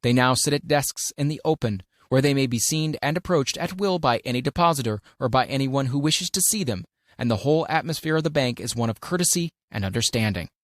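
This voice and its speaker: A man narrating an audiobook at a middle pitch, reading in a measured, deliberate way with firm stresses on key words. The recording is close and dry, with no room sound around the voice. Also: lively intonation, no room sound. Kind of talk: scripted audiobook narration of a self-help classic.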